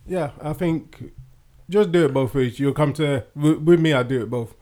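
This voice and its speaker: A man's voice: on the high side, moderate pace, mellow. A man co-hosting a podcast in casual chat, laid-back and slangy. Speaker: podcast co-host.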